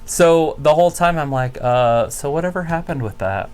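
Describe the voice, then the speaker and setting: A man's voice: on the high side, lively intonation, moderate pace, darkish tone, clear, resonant tone. A man co-hosting a live stream, giving teasing, joking running commentary on wrestling. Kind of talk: casual chat over live wrestling.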